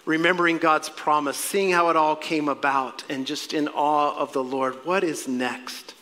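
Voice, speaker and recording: A male pastor preaches in a church sanctuary, his voice a little high and strikingly bright and forceful. He swings from loud, emphatic exclamations to hushed, earnest appeals. His words ring out with the long reverb of the hall. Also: fairly even intonation, unhurried. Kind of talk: sermon.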